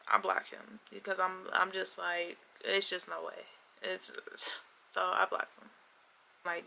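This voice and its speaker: A woman's voice: fairly low pitch, completely flat delivery, a little slow, creaky, pushed and bright, slight background noise. A young woman telling a personal story on her vlog, acting out both sides of an argument with emphasis.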